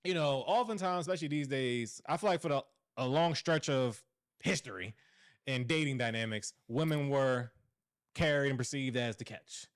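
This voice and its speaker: A man co-hosting a podcast in casual chat. He tells lively stories and swears freely. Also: medium pitch, moderate pace, smooth. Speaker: podcast co-host.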